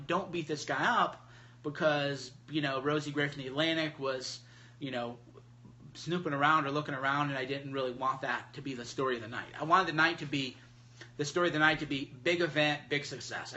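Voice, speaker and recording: A man's voice: on the high side, brisk, bright, forceful tone. A man hosting a phone livestream, talking in a blunt, mocking, emphatic casual monologue. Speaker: livestream host.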